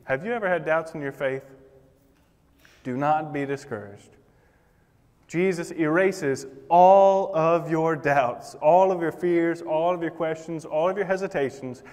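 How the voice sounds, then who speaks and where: A man's voice: a little high, unhurried, darkish tone. A man preaching a sermon in a church, impassioned, acting out the words of the figures in the Bible story. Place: church sanctuary. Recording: long reverb of a church hall.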